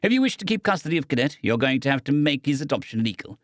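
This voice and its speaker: A man narrating an audiobook, voicing an aging, sharp-tongued woman who snaps out curt, teasing remarks. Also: medium pitch, sing-song, fairly quick, no room sound, studio quality, lightly acted. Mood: stern. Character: aging sharp-tongued mother, snappish but proud.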